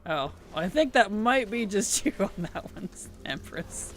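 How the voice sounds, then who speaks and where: A man streaming a video game, chatting in a playful, giggly and animated way. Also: high-pitched, measured pace, slight background noise. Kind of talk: casual gaming stream chat.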